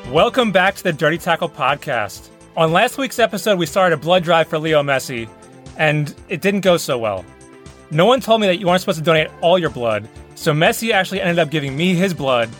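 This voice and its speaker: A man's voice: a little high, a bit bright. A man hosting a comedic sports podcast with a dry, joking delivery. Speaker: podcast host.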